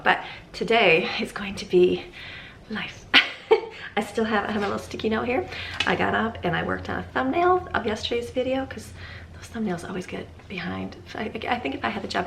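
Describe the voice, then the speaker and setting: A woman's voice: medium pitch, vocal fry, fairly bright tone. A middle-aged woman vlogging from her home in a chatty, rambling way, laughing often. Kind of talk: casual chat. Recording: echoey room with faint ambient noise.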